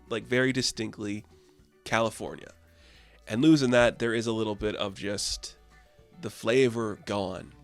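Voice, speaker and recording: A man giving a casual spoken review of a TV season, chatty and earnest with lots of fillers. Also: medium pitch.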